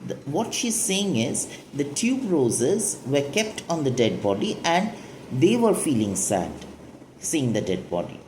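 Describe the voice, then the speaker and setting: A woman's voice: rumbling low, big pitch swings, unhurried, a little mellow, slight background noise. A woman teaching a poetry lesson, explaining the lines and asking and answering her own questions. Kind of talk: literature lesson explaining a poem.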